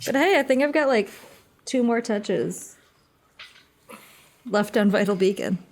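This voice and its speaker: A woman player at a tabletop game, chatting casually with joking, drawn-out asides. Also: mid-range voice, expressive.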